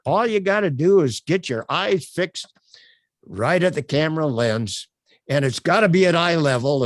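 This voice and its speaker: A man's voice: on the high side, no room sound, clean studio sound. A man leading an online workshop as its instructor, talking emphatically with many "uh" fillers. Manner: animated, emphatic, with frequent uh fillers. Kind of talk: live online workshop teaching.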